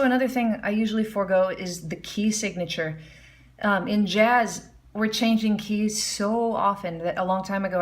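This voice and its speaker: Woman scatting melodies in a lesson. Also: lowish voice. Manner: hums and scats melody lines while explaining. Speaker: music teacher. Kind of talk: casual music lesson.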